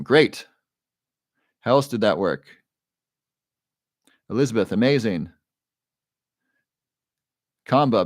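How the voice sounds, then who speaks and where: In clean, dry studio sound, a low-pitched man chats casually with his live stream audience. He leads them through a breathing exercise and responds to questions, calling out each viewer by name.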